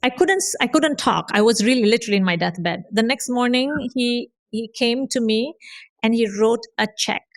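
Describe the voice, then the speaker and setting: A woman's voice: a little high, normal speed, no echo, clean studio sound. A woman from Indonesia, a podcast guest, telling her life story in earnest conversation and repeating phrases for emphasis.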